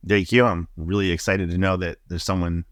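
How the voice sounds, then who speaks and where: A middle-aged man, a podcast guest, telling a personal story in a reflective, halting way with many fillers. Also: low-pitched, level tone, no echo, clean studio sound.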